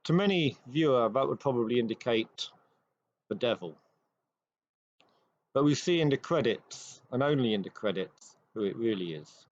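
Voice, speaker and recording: Male host, storyteller, measured with dramatic pauses, mid-range voice, dry slightly dull recording. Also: medium pitch, animated, no echo. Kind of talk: retelling a TV story.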